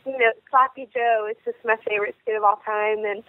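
A woman guest in an interview, telling stories in a chatty, animated way with lots of fillers and acted-out quotes. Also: mid-range voice, brisk. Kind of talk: casual storytelling in an interview. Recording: phone line.

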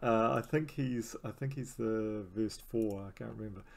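A man's voice: on the low side, moderate pace, vocal fry. A man giving rambling, self-mocking commentary over his gameplay, with many restarts and fillers. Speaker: game channel host.

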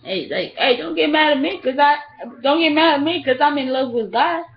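A woman's voice: high-pitched, expressive, fairly quick. A young woman vlogging casually to her webcam, playful and giggly, often slipping into sing-song. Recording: dull lo-fi webcam audio.

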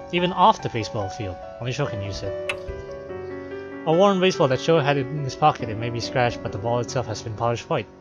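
A man's voice: medium pitch, lo-fi sound. A man casually playing a visual novel, reading its text aloud and chatting loosely with lots of fillers. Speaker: let's player.

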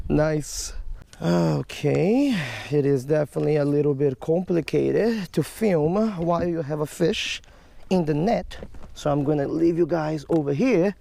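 Gravelly, upbeat man vlogging outdoors. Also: a little high, mellow. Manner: playful, showy and upbeat, with frequent chuckles. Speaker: fishing vlogger. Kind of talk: energetic outdoor vlog narration. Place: outdoors at a lake.

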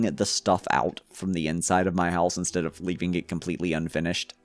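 Deep guy chatting through his game, rambly, jokey, faint music behind. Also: level tone, fairly quick, hardly any pauses, no echo. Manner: rambling, jokey self-talk with stumbles. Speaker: gamer. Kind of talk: casual gameplay commentary.

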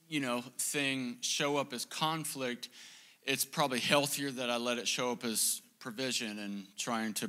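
A young man preaching as pastor, telling a funny story about himself in an animated, self-mocking way. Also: mid-range voice. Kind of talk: sermon with storytelling.

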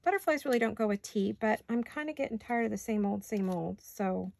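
A woman's voice: medium pitch, lively intonation, a little fast, gravelly, darkish tone, dry recording. A woman hosting a home crafting video, chatting casually and talking to herself as she works, with hiccups. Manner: chatty, talks to herself while working. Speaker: crafting channel host.

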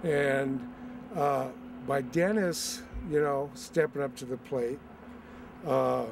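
A man, a father, speaking sincerely in an interview, halting with many pauses. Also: mid-range voice, steady tone, creaky, recorded from a distance, background noise.

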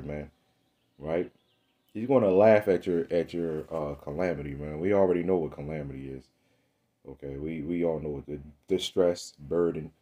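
Fiery preacher man with a dark voice. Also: sits low. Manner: fiery and rhetorical, frequent "right?" and "man". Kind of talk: informal street-style sermon.

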